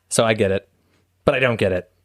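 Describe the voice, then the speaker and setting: A man co-hosting a casual podcast chat, joking and teasing, often acting out silly voices. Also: mid-range voice. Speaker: podcast co-host.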